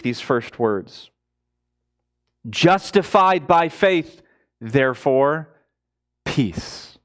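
A man delivering a sermon in a high, light voice. He speaks slowly and deliberately, pushing key words up high and loud, then sinking into low, quiet asides. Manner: emphatic, swings between raised high stresses and low quiet asides. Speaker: preacher.

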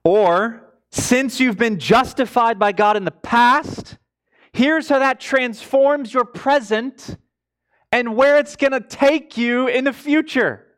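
A man delivering a sermon in a high, light voice. He speaks slowly and deliberately, pushing key words up high and loud, then sinking into low, quiet asides. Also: smooth. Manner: emphatic, swings between raised high stresses and low quiet asides. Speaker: preacher.

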